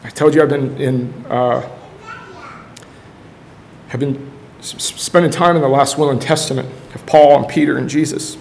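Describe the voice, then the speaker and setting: A middle-aged man shares an earnest testimony from a church, telling stories in a plain, mid-pitched voice. He acts out remembered quotes with sudden bursts of energy. A faint rumble sits under the recording. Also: fairly even intonation, normal speed, gravelly, pauses often, a little mellow. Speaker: high school football coach and ministry leader.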